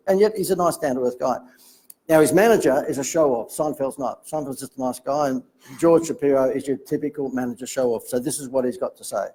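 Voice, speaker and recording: Husky Australian man telling stories. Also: medium pitch, rough recording. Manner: chatty, animated anecdotes with asides. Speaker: marketing speaker telling a story. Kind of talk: casual storytelling talk.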